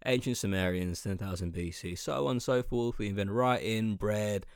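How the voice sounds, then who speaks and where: A man's voice: on the low side, normal speed, clear, resonant tone, no echo, studio quality. A young man hosting a podcast, ranting in a profane, sarcastic and scornful way. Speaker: podcast host. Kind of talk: casual podcast rant.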